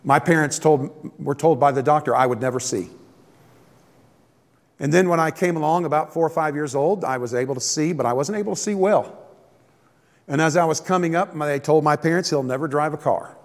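A man delivers a sermon in a high-pitched voice, moving between plain teaching and acted-out grumbling voices. His manner is folksy and joking. The sound carries a long reverb, as in a large church hall. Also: fairly quick. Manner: folksy preaching, acts out complaining voices, jokes. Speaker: pastor. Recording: echoey hall.

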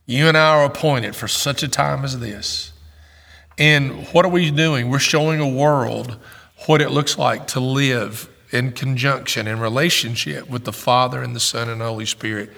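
A man's voice: medium pitch, normal speed, gravelly, a bit bright, big-room sound. A man preaching a sermon as pastor, earnest and questioning, often repeating his phrases.

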